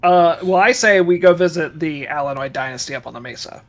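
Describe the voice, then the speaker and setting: A man's voice: fairly high pitch, a little fast. A man playing a tabletop game, joking and pushy. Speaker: player. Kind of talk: casual tabletop game chat.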